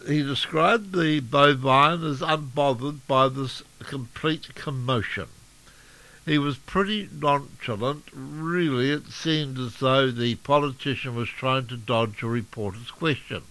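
Male radio newsreader, New Zealand accent, mid-range voice, steady bulletin read. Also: mid-range voice, poor audio. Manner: steady, measured reading with occasional slips. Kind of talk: local radio news bulletin.

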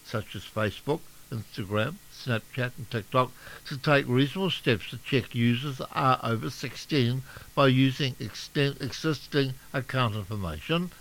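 Male radio newsreader, New Zealand accent, mid-range voice, steady bulletin read. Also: mid-range voice, rough recording. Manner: steady, measured reading with occasional slips. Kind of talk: local radio news bulletin.

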